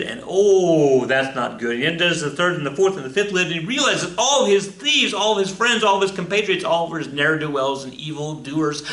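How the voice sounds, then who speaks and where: Male teacher, casual storyteller, bright tone, echoey room. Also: a little high. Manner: loose and playful, with fillers and asides. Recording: roomy echo.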